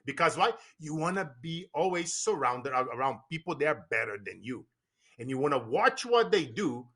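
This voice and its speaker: A man from Brazil with a Brazilian accent, a podcast guest telling stories in an animated, emphatic way and often laughing. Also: on the high side, normal speed, breathy edge. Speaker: podcast guest, business coach. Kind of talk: casual storytelling conversation.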